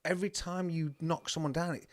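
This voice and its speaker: A man's voice: a little high, steady tone, fairly quick, dry recording. A man, a podcast guest talking in a casual, rambling way with many restarts. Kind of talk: casual chat. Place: indoors on a converted bus.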